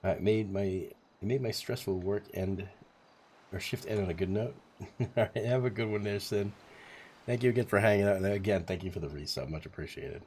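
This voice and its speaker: Man, 40s, very low voice, rambling, profane, casual stream storytelling. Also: normal speed, darkish tone, breathy edge.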